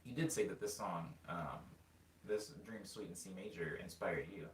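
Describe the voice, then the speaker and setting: A man's voice: deep voice, normal speed, recorded from a distance, slight background noise. A young man streaming, chatting casually to viewers and wandering off track as he tells stories. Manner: rambling, animated storytelling with filler words. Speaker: music streamer answering chat. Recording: echoey room, voice a bit off-mic.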